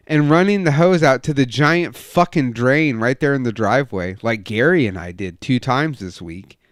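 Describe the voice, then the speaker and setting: A young man on a casual podcast, telling a heated story full of swearing and acting out quoted lines loudly. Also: clear, resonant tone, no room sound, clean studio sound. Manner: profane, animated storytelling, acts out quotes with loud raised pitch. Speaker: podcast co-host.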